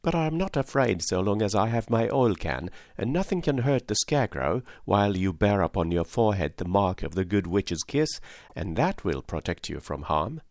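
Man reading as a gentle tin woodman, calm and reassuring, dry close sound. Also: on the low side, normal speed, no room sound. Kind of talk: audiobook reading.

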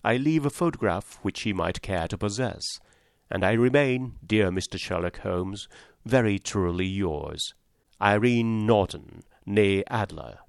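A man voicing a clever young woman's letter, read in a poised, gently mocking manner. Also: lowish voice, lively intonation, a little slow, creaky, no room sound, studio quality.

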